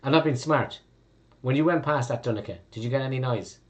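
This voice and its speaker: Rambling Irish game master. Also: male voice, medium pitch, brisk. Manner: rambling, with fillers and swearing. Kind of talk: narrating a tabletop game.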